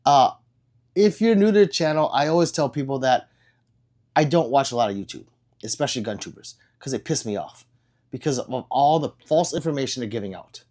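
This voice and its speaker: A man hosting a casual livestream and answering viewer comments in a blunt, profane and excitable way, with sudden loud outbursts. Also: medium pitch, fairly quick. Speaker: livestream host.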